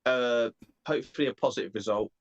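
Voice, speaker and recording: A man's voice: medium pitch, fast. Man with a dull lo-fi sound, arguing playfully. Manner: argumentative, playful, laughs often. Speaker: podcast co-host. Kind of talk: casual chat.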